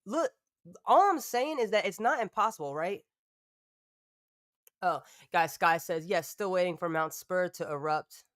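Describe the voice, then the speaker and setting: A woman's voice: fairly low pitch, animated, measured pace, pauses often, no echo, studio quality. A woman hosting a live stream in loose, rambling chat, swearing freely and laughing often.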